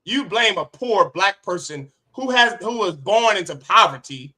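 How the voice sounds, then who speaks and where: A man preaches to a class with a fiery, forceful delivery and a fairly high voice. His tone is sharp and bright, and he hammers points home by repeating phrases. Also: lively intonation, measured pace. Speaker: teacher of a religious class. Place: classroom with others present.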